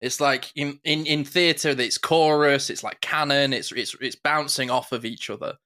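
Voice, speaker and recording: A podcast co-host with a bright, mid-range voice chats casually at a moderate pace, telling animated stories. He laughs often and acts out quotes.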